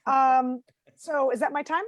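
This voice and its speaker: A woman comedian doing an animated, self-deprecating stand-up set from home. Her voice sits high and the sound is dry, as heard over a video call. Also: unhurried, dry recording.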